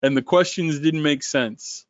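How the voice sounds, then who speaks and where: A man who founded a company, running a sales webinar in an animated, sarcastic way. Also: no echo, highs cut off. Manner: animated, sarcastic, quick swings in pitch.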